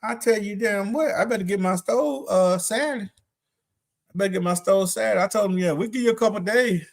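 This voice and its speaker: Animated middle-aged man telling stories. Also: sits high, brisk, vocal fry. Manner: animated storyteller, laughs often, acts out quotes. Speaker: livestream co-host. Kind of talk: casual chat.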